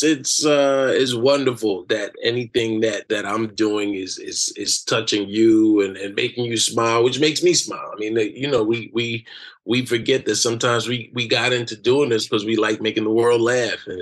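A middle-aged man, an excitable interview guest who talks in quick restarts and slips into impressions of other voices. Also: on the low side.

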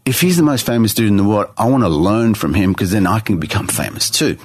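Guest, male, low voice, earnest storyteller with restarts, dry close sound. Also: lively intonation, quick pace, breathy edge, dry recording. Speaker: guest artist. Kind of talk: personal testimony in a podcast interview.

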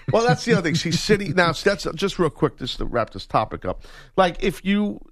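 A man's voice: sits high, big pitch swings, normal speed, fairly bright tone, no room sound. Brief: Southern US male radio host, jokey and boastful, dry studio sound. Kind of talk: casual radio banter. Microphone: studio mic.

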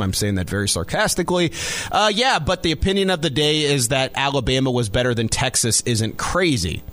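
A man's voice: mid-range voice, lively intonation, fairly quick, fairly bright tone. Male radio host, casual sports chat, rambling, restarts phrases.

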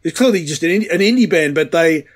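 A man co-hosting a music podcast from his kitchen. His voice sits a little high and he speaks with animated, swearing energy. The talk is loose and casual. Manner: animated, swearing, fast tangents. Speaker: podcast co-host. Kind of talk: casual chat.

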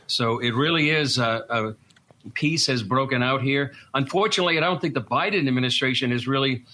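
A man with a Boston accent explaining things earnestly as a guest in a conversational discussion, often pausing on fillers and restarting. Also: mid-range voice, bright, forceful tone. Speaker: guest commentator.

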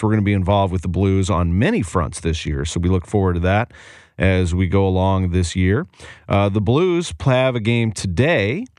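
A male sports radio host runs through scores and game schedules with brisk enthusiasm. His voice sits a little low and sounds close and dry on a studio mic. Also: expressive, a little mellow, no room sound. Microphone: studio microphone.

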